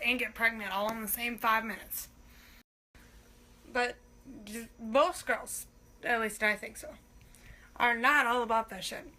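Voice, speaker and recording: A woman's voice: a little high, pushed and bright. A young woman telling a casual comic monologue, swearing freely and acting out her own thoughts. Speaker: comedian.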